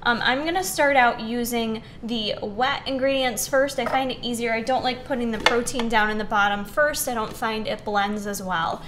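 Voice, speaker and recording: A woman's voice: a little high, moderate pace, few pauses, background noise. A young woman hosting a casual recipe demonstration, chatty and upbeat, with lots of "um" and "like". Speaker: fitness recipe host.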